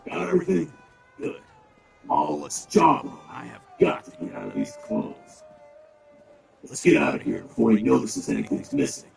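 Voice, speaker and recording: A man's voice: mid-range voice, big pitch swings, normal speed. An actor playing a big, blunt male orc who grumbles and talks with dry sarcasm. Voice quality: gravelly. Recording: roomy, distant, game music behind.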